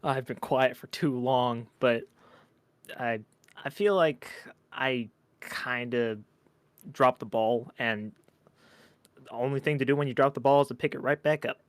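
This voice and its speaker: A man's voice: medium pitch, measured pace, pauses often, clear, resonant tone, no echo. A man being interviewed as a guest on a podcast, talking casually in a modest, slightly hesitant way. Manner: modest, a bit hesitant, with restarts. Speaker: guest, aspiring voice actor.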